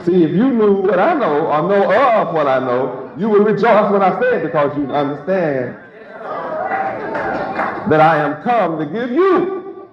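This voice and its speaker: A man's voice: high voice, lively intonation, measured pace. Emphatic preacher man in an echoey hall. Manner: emphatic, repetitive, rhetorical questioning. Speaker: preacher and teacher. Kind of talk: sermon. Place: hall with a live congregation. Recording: echoey, dull lo-fi recording with crowd.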